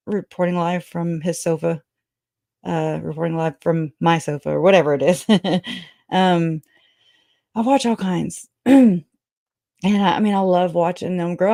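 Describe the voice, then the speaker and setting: A woman's voice: lowish voice, darkish tone, no room sound, clean studio sound. A woman hosting a true crime livestream, rambling, laughing often and teary as she chats. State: crying. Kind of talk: emotional livestream chat.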